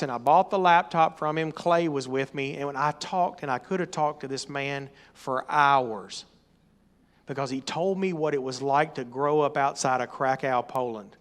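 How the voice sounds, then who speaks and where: A middle-aged man preaching a sermon, emphatic and rising to loud exhortation. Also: a little high. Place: church or meeting hall.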